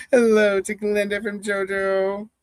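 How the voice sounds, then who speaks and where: A slow, level-toned host with a medium-pitched voice hangs out with live viewers, rambling and laughing often while reading their comments aloud. There's no echo on the recording.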